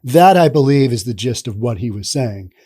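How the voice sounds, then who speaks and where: A man's voice: mid-range voice, expressive, moderate pace, mellow, husky. A man hosting a news commentary show, talking casually and rambling with sarcastic asides.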